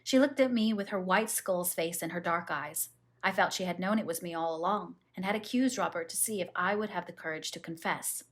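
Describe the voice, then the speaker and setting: A woman reading a classic novel aloud as an audiobook, in a steady, measured manner. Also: lowish voice. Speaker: audiobook reader. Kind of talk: audiobook narration.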